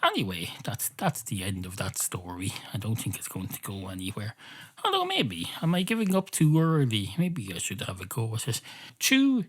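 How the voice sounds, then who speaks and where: A man's voice: on the low side, wildly swooping pitch, normal speed. Male podcast host, rambling solo comic bit with plenty of swearing.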